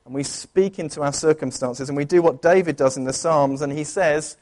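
Male pastor, higher-pitched voice, conversational and earnest sermon delivery. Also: moderate pace, a little mellow. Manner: conversational, earnest, with frequent restarts. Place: church.

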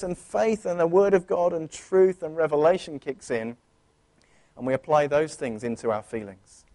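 Earnest preacher, high voice. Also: male voice, moderate pace. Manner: conversational, earnest, with frequent restarts. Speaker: pastor. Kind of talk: sermon. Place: church.

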